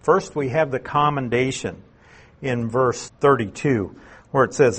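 Slow, husky-voiced man teaching scripture. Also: mid-range voice, fairly bright tone. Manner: unhurried, explains terms and repeats key phrases. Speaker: Bible teacher. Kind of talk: expository Bible teaching.

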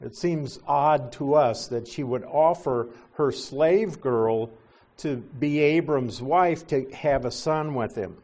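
A middle-aged male pastor teaching a sermon, explaining scripture with gentle asides. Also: mid-range voice, slow.

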